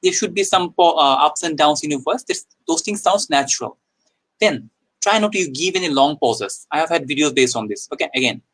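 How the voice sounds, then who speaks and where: A man's voice: a little high, animated, a little fast, a bit bright, low-quality recording. A young man with a Bangladeshi accent, teaching an English speaking lesson in a live stream, explaining with small restarts and frequent okays. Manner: explanatory, repeats himself with small restarts and "okay"s.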